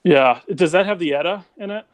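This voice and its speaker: A man's voice: sits high, brisk, no echo. A young adult man calling into a live show, chatting frankly and swearing casually. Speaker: guest caller. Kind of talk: casual chat.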